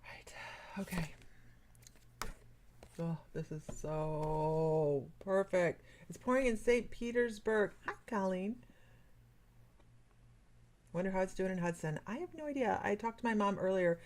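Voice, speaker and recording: A woman from Michigan hosting a casual psychic-reading livestream, chatty and quick to laugh, greeting viewers by name. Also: mid-range voice, a little mellow. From Michigan, USA. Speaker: psychic medium livestream host.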